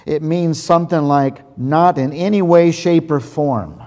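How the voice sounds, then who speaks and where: A man preaching a sermon as pastor, reading and explaining slowly and deliberately, stressing key words. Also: a little high, warm tone. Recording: long hall reverb.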